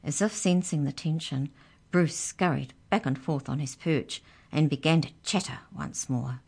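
Low-voiced woman reading a children's story. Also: a little slow, darkish tone, slightly rough.

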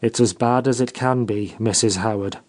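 A man's voice: mid-range voice, steady tone, takes it slowly. A man playing a grave army major. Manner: grave and hushed. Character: grave army major bearing bad news.

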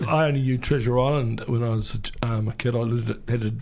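A man's voice: medium pitch, fairly even intonation, fast, a little mellow. A man presenting community radio, chatting casually with many ums and restarts.

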